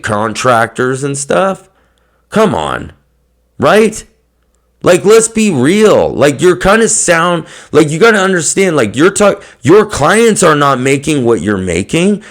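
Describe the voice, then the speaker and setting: A man hosting a podcast, ranting bluntly to fellow hairdressers, swearing often and stuffing his talk with fillers. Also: a little high. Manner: blunt, heavy swearing, lots of fillers, laughs mid-rant. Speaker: podcast host. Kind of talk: profane rant to fellow hairdressers.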